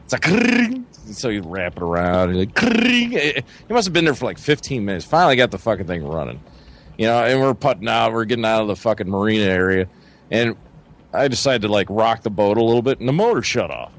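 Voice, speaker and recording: Rambling, animated male storyteller. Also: fairly low pitch, fast talker. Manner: profane, rambling, acts out friends' voices. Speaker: podcast co-host. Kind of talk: casual storytelling.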